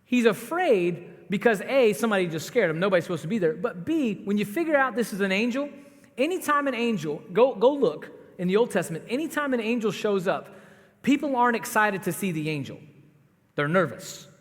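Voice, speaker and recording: A man preaching a sermon as pastor, telling the story in a conversational, animated way with asides to the congregation. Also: high voice, a little fast. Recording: long hall reverb.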